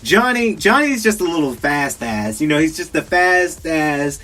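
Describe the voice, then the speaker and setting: A man's voice: fairly high pitch, sing-song, unhurried, bright, forceful tone. A young man from South Georgia with a Southern accent, hosting a casual podcast, rambling and chatty with many fillers and frequent laughs. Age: young adult. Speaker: podcast host. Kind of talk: casual solo game review talk. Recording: faint music behind.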